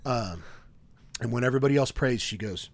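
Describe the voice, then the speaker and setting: Fairly quick and medium-pitched with some vocal fry, this podcast co-host in his thirties keeps the chat casual. He's an animated storyteller who laughs frequently mid-sentence.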